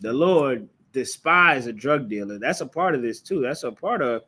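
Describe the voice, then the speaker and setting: A man's voice: medium pitch, animated, normal speed, sharp tone, breathy edge. A man teaching a live-streamed religious class, scolding his listeners with confrontational preaching and repeated rhetorical questions. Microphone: streaming live from a phone or computer.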